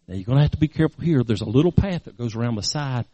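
A man voicing a steady father who firmly guides and looks after his son. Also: medium pitch, racing, dry recording, voice pushed down, lightly acted. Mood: instructive. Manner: firm, caring, instructive.

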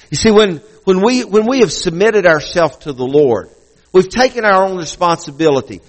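A pastor delivering a sermon with a notably high-pitched male voice. He talks in a conversational way, often breaking off and restarting his phrases or repeating them for emphasis. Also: expressive, normal speed, low-quality recording.

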